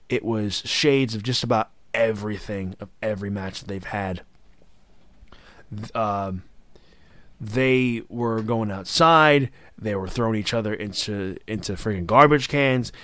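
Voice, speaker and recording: A man's voice: on the low side, dry recording. A man co-hosting a casual wrestling review podcast who gets worked up, swears, and acts out what the wrestlers said. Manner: excitable, swears, acts out quotes. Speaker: podcast co-host.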